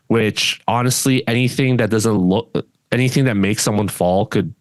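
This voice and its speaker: A man's voice: lowish voice, moderate pace, few pauses, no room sound. A man co-hosting a podcast, chatting casually and bluntly, often trailing off and restarting his sentences. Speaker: podcast co-host.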